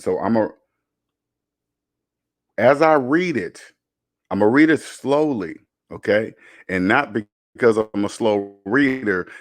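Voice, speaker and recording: A man's voice: on the low side, dry recording, studio quality. A man hosting a live personal finance stream, talking bluntly and preachily, repeating points and tagging lines with "okay?". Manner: repeats himself for emphasis. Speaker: personal finance show host.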